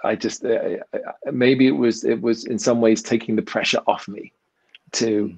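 A man's voice: medium pitch, fairly even intonation, normal speed, creaky, darkish tone, husky, no room sound. A man, an actor and magician, chatting as an interview guest over a video call and telling rambling, self-mocking stories with lots of restarts. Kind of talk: casual interview storytelling. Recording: dull lo-fi video call audio.

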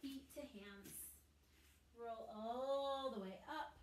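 High-voiced woman guiding family yoga. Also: takes it slowly, background noise. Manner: gentle, cueing breath and movement, playful with kids. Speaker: yoga teacher. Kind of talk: guided family yoga class. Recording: roomy echo, mic at a distance.

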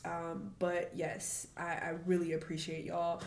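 A woman's voice: fairly low pitch, monotone, measured pace, slight background noise. A woman making online reaction videos, speaking candidly to her viewers in casual slang with swearing. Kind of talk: casual talk to camera. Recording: echoey room.

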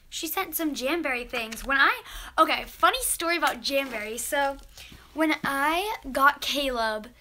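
A woman's voice: sits high, sharp tone, a little hiss or hum. A teenage girl vlogger opening fan mail, chatty and gushing as she reads letters aloud. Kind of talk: casual mail-opening vlog.

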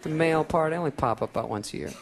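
A man's voice: fairly high pitch, rapid-fire, vocal fry, heavy background noise. A man doing stand-up comedy on a theater stage, sarcastic and self-mocking. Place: theater stage before an audience. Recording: live concert recording with crowd. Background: audience laughter.

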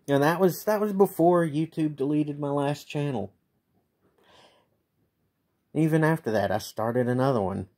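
Slow, bitter, swearing man venting. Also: medium pitch, a little mellow. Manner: bitter, profane and resentful, with many halting restarts. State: tired. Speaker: vlogger. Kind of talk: late-night venting monologue.

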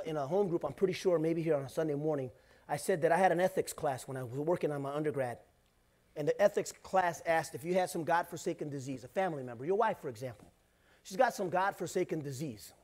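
Delivering a sermon in a conversational manner, the middle-aged pastor shifts from loud outbursts to hushed asides, speaking in a fairly high-pitched voice.

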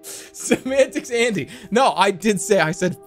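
A man with a high voice rambles casually to his live-stream chat from a desk mic, his pitch leaping all over. He is giggly and keeps cracking up into helpless laughter. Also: animated, normal speed, soft background music.

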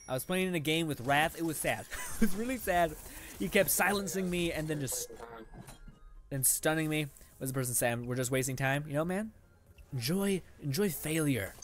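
A man's voice: sits high, slight background noise. Sarcastic young man cursing over gameplay. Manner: frustrated, sarcastic, swears often, laughs a lot. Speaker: gaming channel host. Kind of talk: live gameplay commentary.

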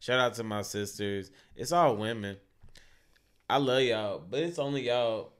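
A man co-hosting a podcast in casual chat, talking low and often trailing into a mumble. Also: measured pace, smooth. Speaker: podcast co-host.

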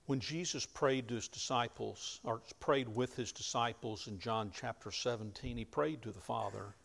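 A man preaching a sermon, retelling scripture in plain conversational words and rising to loud emphasis at key moments. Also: medium pitch, moderate pace, gravelly. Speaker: pastor.

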